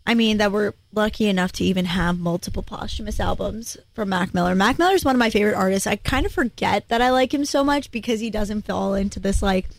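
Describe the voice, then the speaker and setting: A woman's voice: mid-range voice, quick pace, few pauses. A young woman co-hosting a radio music show in a studio, chatty and playful. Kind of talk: casual radio chat. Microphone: studio microphone.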